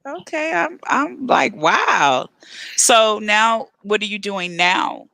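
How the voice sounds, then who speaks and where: A woman hosting an interview, asking eager, expressive questions. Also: mid-range voice, slow, crowd noise. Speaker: host.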